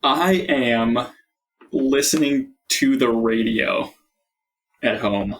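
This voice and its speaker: Slow-talking male player. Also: mid-range voice, a bit bright. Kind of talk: tabletop role-play.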